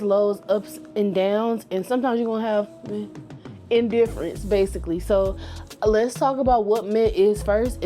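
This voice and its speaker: A woman's voice: medium pitch, dark tone. A woman hosting her own channel, chatting casually to the camera in a playful, joking way with plenty of informal slang and frequent laughter. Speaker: YouTube channel host.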